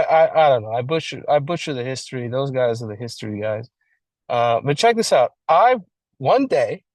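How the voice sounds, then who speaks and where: A man co-leading a recovery book study, talking in a slangy, animated way and acting out little scenes as he explains. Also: mid-range voice, no echo, poor audio. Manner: animated, slangy, acts out scenarios. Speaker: study group co-leader. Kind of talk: casual recovery-meeting share.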